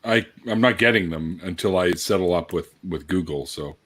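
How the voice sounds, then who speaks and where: A man's voice: low-pitched, normal speed, a bit bright. A man hosting a casual group chat, laid-back and joking, with casual swearing. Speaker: channel host.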